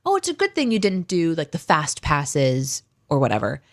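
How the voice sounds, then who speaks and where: A woman's voice: sits low, normal speed. A woman in her thirties, co-hosting a casual chat and telling stories with acted-out quotes. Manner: animated storyteller, acts out quotes. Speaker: co-host reading chat.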